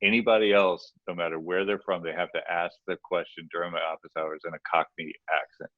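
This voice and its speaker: A man's voice: low-pitched, little pitch movement, fairly quick, hardly any pauses, no echo, narrow, tinny audio. A man co-hosting a casual podcast, advising on the music business in a rambling, playful way with many restarts.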